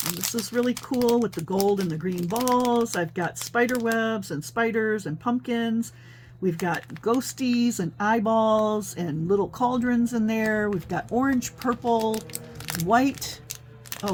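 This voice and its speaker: A woman's voice: a little high, a little slow, noisy background. Chatty woman showing off her crafts. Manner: chatty, thinks aloud with many fillers. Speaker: paper crafting host. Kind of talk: casual craft show-and-tell.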